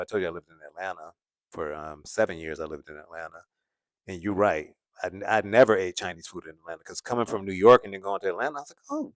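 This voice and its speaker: A man hosting a commentary livestream, reading viewer comments and musing in a relaxed, casual way with frequent laughs. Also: deep voice, no room sound, clean studio sound. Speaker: commentary channel host. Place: home in California.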